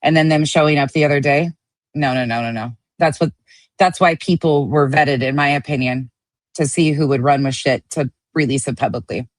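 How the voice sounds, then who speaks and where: Female streamer, low voice, angry and foul-mouthed, dry sound. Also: steady tone, normal speed, dry recording. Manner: angry, profane ranting. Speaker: online drama commentator. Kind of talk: heated livestream commentary.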